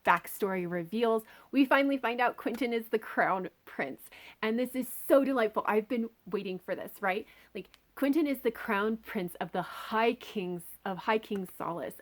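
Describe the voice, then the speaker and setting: A woman reviewing a book in a casual, chatty, enthusiastic way, full of filler words. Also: mid-range voice. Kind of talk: casual chat.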